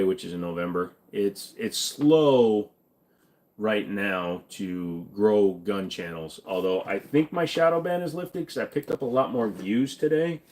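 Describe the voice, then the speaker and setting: A man in casual live stream chat, reading viewer questions aloud and answering them in a crude, joking way. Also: fairly low pitch. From Virginia.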